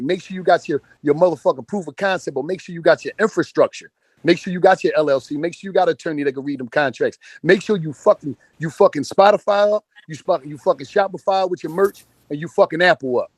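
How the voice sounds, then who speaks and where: A man's voice: on the high side, quick pace, slightly rough, no echo, studio quality. A man, giving a profane motivational rant on a phone in an online audio chat room and repeating phrases for emphasis. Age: 40s.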